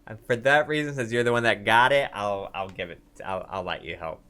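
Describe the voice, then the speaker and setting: A man narrating a tabletop game as dungeon master in a casual, halting way with many fillers. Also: on the low side, sharp tone, smooth.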